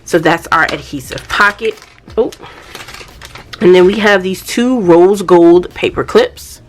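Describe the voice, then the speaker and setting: A woman's voice: fairly low pitch, measured pace. A woman chatting casually through a planner unboxing, often calling viewers y'all.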